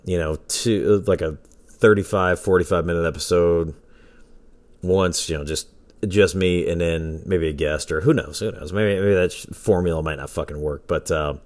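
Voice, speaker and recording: A man with a deep, slightly mellow voice hosts his own podcast from home, a dog nearby, talking at a moderate pace. His solo storytelling is loose and profane, and he laughs often.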